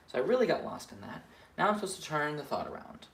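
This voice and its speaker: A man with a gravelly edge to his voice talks himself through his feelings in a candid, self-questioning way. He drops to a mutter and then pushes out emphatic, profane lines. The room has a clear echo and a faint hum of ambient noise behind him. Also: fairly high pitch, big pitch swings, quick pace. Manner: candid, self-questioning, swings between muttering and emphatic outbursts, swears freely. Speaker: vlogger. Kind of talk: solo self-reflection, thinking aloud.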